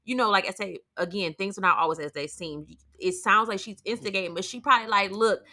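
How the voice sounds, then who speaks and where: A woman co-hosts a casual podcast, talking frankly and chattily in everyday slang. Her voice is bright and forceful at a middle pitch, and her delivery is loose and conversational. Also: quick pace. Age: adult, mother of four. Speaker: podcast co-host.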